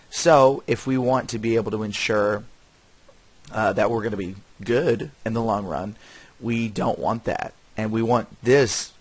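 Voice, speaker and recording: A man with a low, easygoing voice talks through a strategy game in loose, rambling commentary. He corrects himself mid-sentence and slips in dry little jokes and chuckles. The sound is close and dry, with no room around it. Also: husky, no echo. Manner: rambling, self-correcting, wry asides and chuckles. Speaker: gaming channel host. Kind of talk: casual gameplay commentary.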